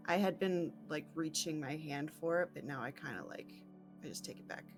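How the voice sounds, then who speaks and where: A tabletop player speaks in character with a middle-pitched voice. The delivery is emotive and halting, full of restarts and small pauses. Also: over music. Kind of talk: playing a character in a tabletop game.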